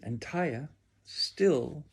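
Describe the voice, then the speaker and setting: A man reading a children's storybook aloud with expressive, drawn-out delivery. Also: a little high, breathy edge.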